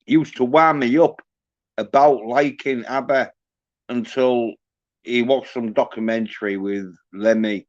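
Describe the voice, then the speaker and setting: Heavy swearing fills this rant from a man hosting a livestream in a lowish voice. The dull lo-fi stream audio carries no room sound.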